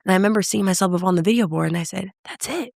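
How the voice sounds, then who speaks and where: A woman's voice: medium pitch, racing, vocal fry, no room sound, clean studio sound. A woman, an emcee and speaker, telling her career story as a guest in a podcast interview. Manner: animated storyteller who acts out quoted dialogue.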